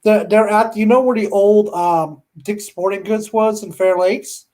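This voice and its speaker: A man's voice: sits high, unhurried, a little mellow. A man chatting on an online show, speaking hesitantly with many fillers. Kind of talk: casual chat.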